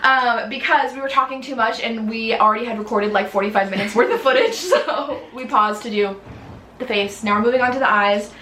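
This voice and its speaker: A young woman, chatting and telling animated stories while doing makeup, putting on voices as she goes. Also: fairly high pitch, fairly quick. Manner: bubbly, animated storytelling with voices. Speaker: beauty vlogger. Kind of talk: casual chat. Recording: echoey room with faint hiss.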